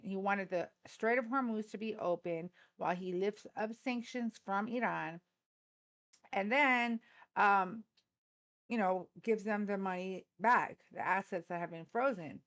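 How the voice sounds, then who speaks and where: A woman's voice: medium pitch, a bit bright. A woman hosting a casual political live stream indoors, talking bluntly and mocking viewers with plenty of swearing. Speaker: political livestream host. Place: indoors, a hot room. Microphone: live stream on a phone.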